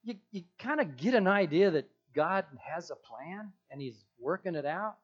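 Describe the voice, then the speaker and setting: A male pastor preaching with emphasis, returning again and again to his key phrases. His voice sits fairly high. The recording sounds dull and lo-fi. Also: animated, moderate pace. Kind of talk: sermon.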